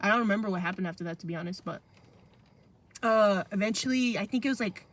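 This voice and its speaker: A woman's voice: medium pitch, fast. A young adult woman hosting a podcast, telling a childhood story in casual slang and acting out the quotes. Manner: chatty, heavy on "like" and "bro", acts out quotes. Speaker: podcast host.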